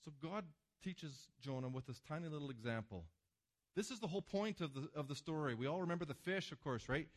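A man preaching a sermon to a congregation, with emphatic swings between loud passages and hushed ones. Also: a little high, animated, brisk. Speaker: pastor. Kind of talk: sermon with slides.

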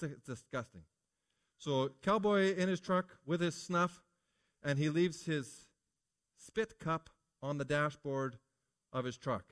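Speaking in a mid-range voice, a middle-aged preacher delivers his sermon casually, as if chatting, weaving in stories and asking questions he doesn't expect answered.

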